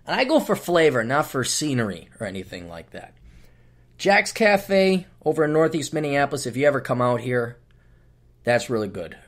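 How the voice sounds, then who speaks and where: A man's voice: mid-range voice, big pitch swings, moderate pace. Middle-aged guy podcast rant, blunt and sweary, voice jumps all over. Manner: profane, sarcastic, blunt. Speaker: podcast host. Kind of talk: solo ranting podcast monologue.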